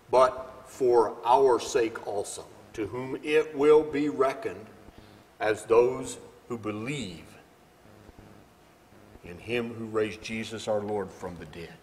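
A man preaching a sermon, his delivery swinging between quiet stretches and loud, emphatic climaxes. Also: mid-range voice, a little hiss or hum. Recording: long hall reverb.

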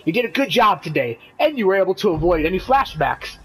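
A man voicing a folksy, gruff backwoods fighter with a put-on who calls his partner kiddo. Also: high voice, sing-song, fast talker, heavily acted. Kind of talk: comedic gameplay role-play.

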